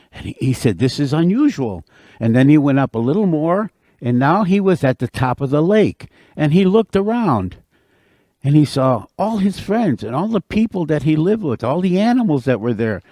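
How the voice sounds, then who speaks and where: A man telling a folktale aloud to an audience at a senior center, with animated, expressive delivery. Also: a little high, dry recording, studio quality. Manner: animated, expressive, repeats for effect. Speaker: storyteller. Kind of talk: oral folktale storytelling.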